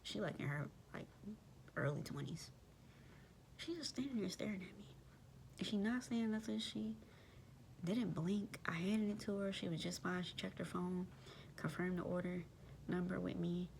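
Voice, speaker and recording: A woman's voice: on the low side, normal speed, vocal fry, long pauses, a little mellow, a little hiss or hum. A young woman, animatedly telling a personal story in slangy casual speech and addressing her listeners directly.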